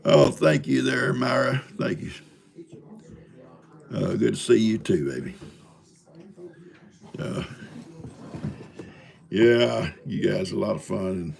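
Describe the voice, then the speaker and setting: Gravelly older man spinning folksy yarns. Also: lowish voice, slow, pauses often. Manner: folksy, chuckling yarn-spinner. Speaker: livestream host. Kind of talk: casual storytelling to live viewers.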